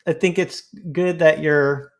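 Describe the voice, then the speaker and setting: A man's voice: fairly high pitch, steady tone, a little slow. Chatty laughing man hosting a podcast. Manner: chatty, laughs easily, reads posts aloud. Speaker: podcast host. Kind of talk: casual panel discussion.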